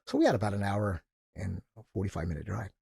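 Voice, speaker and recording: A male motivational speaker telling animated stories as a podcast guest, acting out the people he quotes. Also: lowish voice, fast, creaky, slightly rough, no echo, clean studio sound. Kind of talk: casual storytelling.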